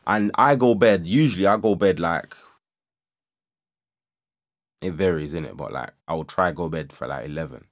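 A young man telling a story casually on a livestream, slangy and animated, climbing into agitated outbursts as he relives it. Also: low voice, normal speed, long pauses. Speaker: livestream host. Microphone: studio microphone with audio interface.

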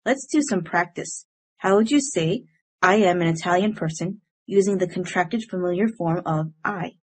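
A woman narrates a scripted language grammar lesson, reading out example sentences and explaining points clearly and in a measured manner. Her voice sits on the low side.

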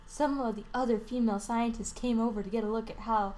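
A woman's voice: a little high, steady tone, quick pace, darkish tone. A woman playing a dating game, reading it aloud casually with crude joking asides. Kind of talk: casual let's-play reading.

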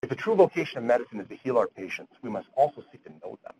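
A man's voice: medium pitch, sing-song, racing, dark tone, husky, rough recording. A middle-aged man lecturing physicians at grand rounds, earnest, quoting literature, with frequent restarts. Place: lecture hall.

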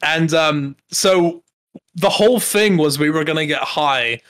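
A young man telling casual stories on a podcast, animated and laughing as he acts out what people said. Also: on the high side, measured pace. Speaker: podcast co-host. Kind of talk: casual storytelling chat.

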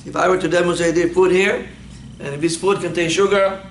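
A man with a fairly high voice is teaching a class. He quizzes his students with short questions and often supplies the answers himself. The recording comes from a roomy, echoey classroom with a faint hum behind him. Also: steady tone, a little fast. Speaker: instructor.

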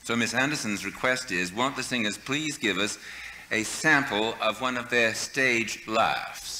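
A man's voice: mid-range voice, measured pace, bright, forceful tone, roomy sound, slight background noise, rough recording. A man hosting a radio talk show, introducing guests and reading listener letters in a formal, courtly announcer manner. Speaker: radio host. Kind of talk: scripted broadcast introductions.

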